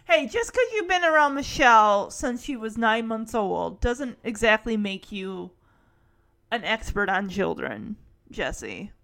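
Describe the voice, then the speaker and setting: A young woman giving a chatty, animated recap with quick asides. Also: fairly high pitch, vocal fry. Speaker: host recapping a sitcom. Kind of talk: casual commentary.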